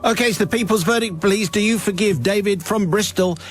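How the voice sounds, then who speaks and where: A man's voice: high-pitched, fairly quick, soft background music. A middle-aged English man presenting a radio show, joking with co-hosts and reading listener letters aloud. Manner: jokey, reads listener letters. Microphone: studio microphone.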